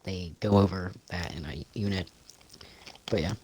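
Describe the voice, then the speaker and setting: A man's voice: low voice, moderate pace, darkish tone, no echo. A man co-hosting a podcast in casual chat, rambling freely, swearing often and laughing a lot. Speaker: podcast co-host.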